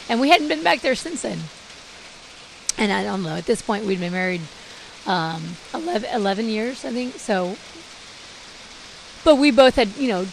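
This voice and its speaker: A woman in her forties telling her life story in a casual podcast monologue, talking in lively bursts and acting out the dialogue she quotes, with many fillers. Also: mid-range voice, creaky, low-quality recording. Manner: animated, acts out quoted dialogue, frequent fillers. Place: indoors during heavy rain. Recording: faint hiss and rain noise.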